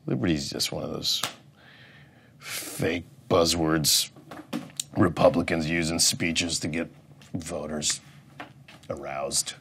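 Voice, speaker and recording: A man in his thirties doing a comedic rant, profane, jumping between loud outbursts and mumbled asides. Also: very deep voice, steady tone, slow, vocal fry, long pauses, slight background noise. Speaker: comedian rating things as overrated or underrated.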